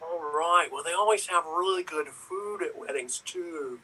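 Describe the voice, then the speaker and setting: A man improvising a comic scene with deadpan, short replies. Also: fairly high pitch, measured pace, breathy edge, far from the mic. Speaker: improv performer.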